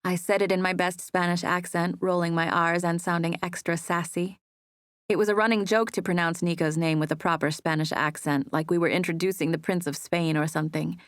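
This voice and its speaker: Female audiobook narrator, first-person romance, intimate, lowish voice, dry booth recording. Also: steady tone, brisk, no echo. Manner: soft, intimate storytelling. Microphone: close studio mic.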